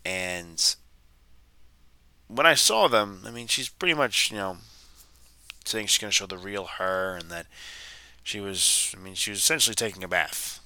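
Bright, crisp-voiced man recapping wrestling. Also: lowish voice, normal speed, long pauses, no room sound. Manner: exasperated, rambling retelling with restarts. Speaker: podcast host.

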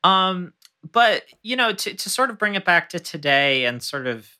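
A male podcast co-host who reads a historical account in a measured way, then chats loosely with lots of filler words. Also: sits high, big pitch swings, sharp tone, smooth. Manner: measured when reading, loose with fillers when chatting. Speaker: podcast co-host and tour guide. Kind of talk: casual chat and reading aloud from a historical account.

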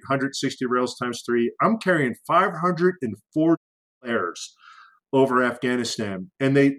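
A man's voice: medium pitch, a bit bright, low-quality recording. A man, a former military pilot, telling a story in casual conversation, acting out radio calls in a raised voice. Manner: frequent fillers and restarts, conversational. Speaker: former fighter pilot guest.

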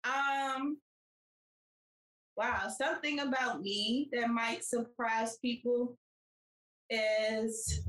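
A woman's voice: on the high side, steady tone, very slow, pauses often, a bit bright, echoey room, low-quality recording. A woman co-hosting a podcast in casual chat, playful and teasing. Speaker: podcast co-host.

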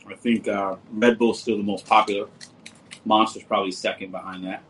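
Male livestream host, relaxed and jokey, slightly low voice. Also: moderate pace, a little hiss or hum, rough recording. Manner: laid-back, joking, talks to viewers as brother and bro. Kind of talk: casual livestream chat reading comments.

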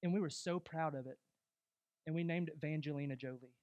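A young adult man preaching a sermon as pastor, emphatic and rising to loud exhortation. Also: a little high, fairly quick, lo-fi sound.

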